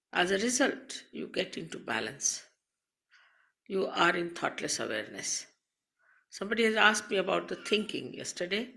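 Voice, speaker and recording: A woman speaks as a spiritual teacher, lecturing slowly and deliberately into a microphone. Her voice is gravelly with fry, yet bright and forceful in tone. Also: medium pitch. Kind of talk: recorded spiritual talk. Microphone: on a mic.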